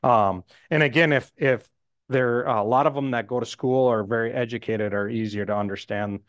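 Man, missionary, informal storyteller; rambling delivery, frequent fillers, dry close sound, mid pitch. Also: normal speed, smooth, no room sound. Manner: rambling, many "um"s and "I said"s. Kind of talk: casual storytelling testimony.

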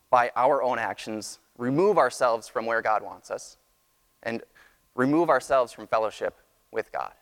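A man preaching a sermon, teaching in a measured, earnest way that often restarts phrases. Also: mid-range voice, a bit bright. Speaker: pastor. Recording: long hall reverb.

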